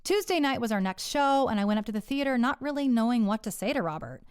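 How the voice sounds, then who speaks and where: A woman's voice: on the high side, lively intonation, fast talker, darkish tone, clean tone, no echo, studio quality. Candid, wry middle-aged woman storyteller. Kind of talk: confessional personal storytelling.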